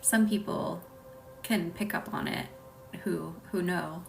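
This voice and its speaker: A woman with a Southern US accent hosting a casual live stream, talking softly, often near a whisper, and laughing easily. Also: lowish voice, takes it slowly, creaky, distant mic, faint music behind. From Southern United States.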